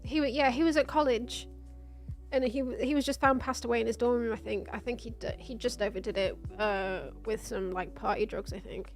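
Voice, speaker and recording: A woman's voice: on the high side, steady tone, a little fast, faint music behind. A woman hosting a casual stream, chatting in a rambling way with laughs and fillers. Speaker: streamer and host. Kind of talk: casual chat. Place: home.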